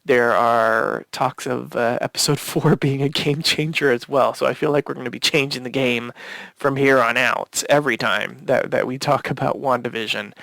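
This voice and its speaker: A man co-hosting a podcast, recapping a TV episode in casual chat, rambling with fillers and restarts, swearing casually when excited. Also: mid-range voice, normal speed, vocal fry, no echo. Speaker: podcast co-host.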